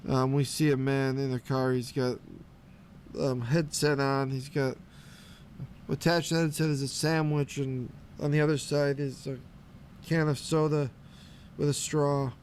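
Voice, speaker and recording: A man's voice: medium pitch, flat delivery, a little slow, darkish tone, a little hiss or hum. A man reading comic strips aloud for a radio reading service, in a plain, easygoing way with small fillers.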